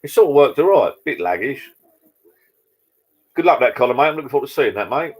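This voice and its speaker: A man's voice: mid-range voice, very animated, fast talker, slightly rough. A man hosting a casual live chat from his garden bar. He rambles and greets viewers by name. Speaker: live stream host. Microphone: laptop.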